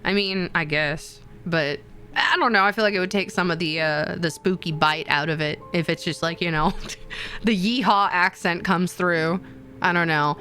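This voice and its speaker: A woman streamer chatting casually with her viewers, animated and excitable, with sudden gasps and high squeals. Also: moderate pace, soft background music. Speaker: VTuber streamer.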